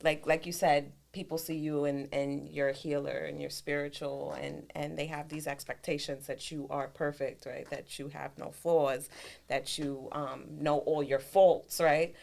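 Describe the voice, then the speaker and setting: A woman's voice: low-pitched, little pitch movement, unhurried, vocal fry, darkish tone. A woman hosting a podcast in casual chat, asking probing, encouraging questions.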